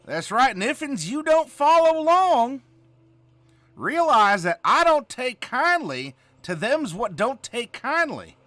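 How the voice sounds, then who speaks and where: A folksy backwoods bumpkin with a thick, exaggerated Southern US drawl, as a man puts him on. He talks high and slow, swooping up and down as he mangles his grammar, and his tone is bright and sharp. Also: big pitch swings, dry recording, exaggerated voice. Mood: hammy. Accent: exaggerated Southern US drawl, put on. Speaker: host doing a joke voice. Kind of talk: comic bit in a game-rules discussion.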